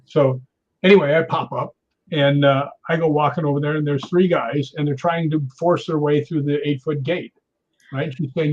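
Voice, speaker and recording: A middle-aged man telling a story in an interview, animated and acting out quoted lines. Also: on the high side, moderate pace. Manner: animated anecdote teller, acts out quotes. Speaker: stunt performer guest. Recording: dull lo-fi audio.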